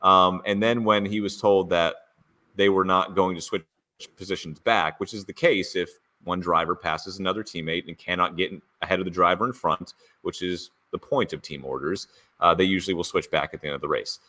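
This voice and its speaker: A man's voice: low voice, steady tone, a little fast, bright, forceful tone. A man co-hosting a podcast in casual, playful chat, teasing and joking as he recaps events. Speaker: podcast co-host. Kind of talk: casual chat, reading out race radio quotes.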